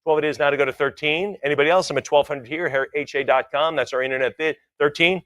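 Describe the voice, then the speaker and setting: A man working as an auctioneer, chanting bids in quick rhythmic runs and tossing in joking asides. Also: fairly high pitch, a bit bright, no echo. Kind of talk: live auction calling.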